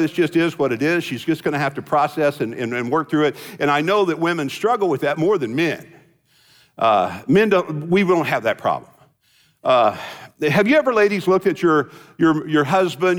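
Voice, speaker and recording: A man's voice: fairly high pitch, in a large hall. An older man preaching a sermon as pastor, telling folksy stories with jokes and asides. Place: church sanctuary.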